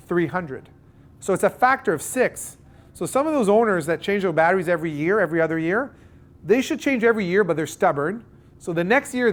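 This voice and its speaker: A man with a Canadian accent giving a live seminar at a boat show, explaining with lively everyday analogies and acted-out dialogue. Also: sits high. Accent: Canadian English. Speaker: seminar presenter.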